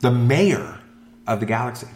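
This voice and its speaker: A man's voice: medium pitch, expressive, moderate pace, a little mellow. A man hosting a casual family podcast, joking around and reading listener reviews aloud. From Southern California. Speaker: podcast host. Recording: roomy echo.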